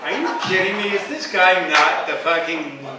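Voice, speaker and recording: A man's voice: sits high, expressive, normal speed, heavy background noise. A man of fifty, emceeing a club banquet with a rambling, crude, jokey comic speech. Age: 50s. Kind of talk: comic after-dinner speech. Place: large banquet hall. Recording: echoey hall, distant mic, loud crowd.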